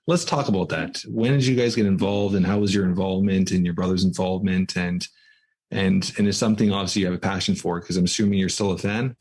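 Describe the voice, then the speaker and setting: A man's voice: low voice, fairly even intonation, fast talker, darkish tone, breathy edge. A man hosting a podcast interview, asking open questions and affirming briefly. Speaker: podcast host. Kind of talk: interview conversation.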